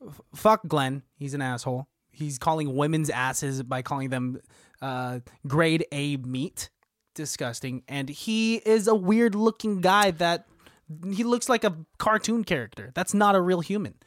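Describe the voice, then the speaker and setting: Young male podcast co-host, bantering, fairly high voice, dry close mic. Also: measured pace, dry recording. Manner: laughs a lot, jokes, recaps scenes. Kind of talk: casual chat reviewing a movie.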